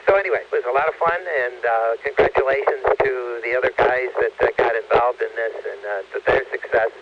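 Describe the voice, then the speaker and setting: A man, an amateur radio operator, giving an eager, halting report full of fillers. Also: medium pitch, lo-fi sound, very noisy. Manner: enthusiastic, halting, many fillers.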